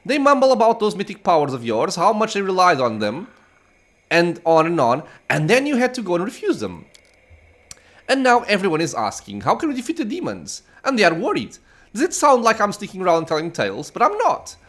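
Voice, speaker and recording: A chatty young dragon girl brags and chirps her advice with a swooping, lively voice, as a man reads her game lines. She sounds playful and pleased with herself, and the voice sits a little high. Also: a little fast, full character voice. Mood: chirpy. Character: cheerful young female dragon child. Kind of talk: reading game dialogue aloud.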